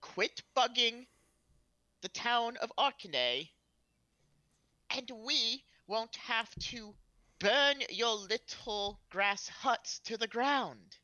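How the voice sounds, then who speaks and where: A brash male adventurer in a tabletop game bellows his demands in a commanding voice, as a woman puts him on. The voice sits higher than her own talk, bright and lively, with a dry, close sound. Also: extremely slow, no room sound, heavily acted, rough recording. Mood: threatening. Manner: commanding, booming announcement.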